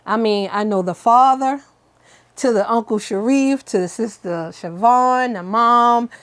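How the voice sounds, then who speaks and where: A woman's voice: a little high, measured pace, clear, resonant tone. A middle-aged woman from Brooklyn, telling stories as an interview guest and acting out other people's lines. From Brooklyn, New York. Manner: animated storyteller who acts out other people's lines. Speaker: guest, fashion designer. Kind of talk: casual interview storytelling.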